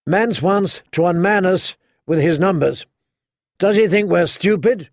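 A man playing a young male sentry on a wall who bellows to rally his brothers, his gravelly voice pushed high and loud. He shouts each line with defiant force. The audiobook recording is dry and close. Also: measured pace, no room sound. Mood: rousing, defiant.

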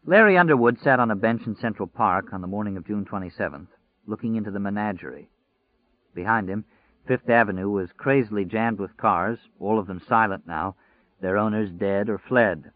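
A man with a lowish voice reads an audiobook in a measured, deliberate way. The sound is dry and close, with no room around it. It comes through a narrow, phone-like band. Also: no echo. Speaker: audiobook narrator. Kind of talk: scripted audiobook narration.

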